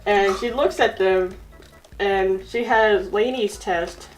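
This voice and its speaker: Slow, giggly young woman telling a story. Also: medium pitch, rough recording. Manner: giggly, chatty, lots of "like" fillers. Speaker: co-host storyteller. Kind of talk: casual improvised storytelling.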